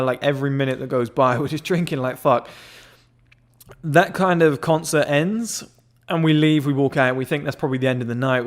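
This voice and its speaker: Young guy rambling through a wild night out story, swears a lot, lots of likes. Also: on the high side. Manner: excitable, swears a lot, rambling with many fillers. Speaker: members club founder telling a story. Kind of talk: casual storytelling.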